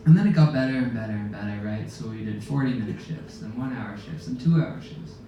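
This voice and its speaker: A man casually telling an animated sailing story to a live audience aboard a ship, laughing as he goes. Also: medium pitch, fast, lo-fi sound. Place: lounge aboard a ship, indoors. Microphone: phone camera in the audience. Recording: very echoey room, distant mic, faint background noise.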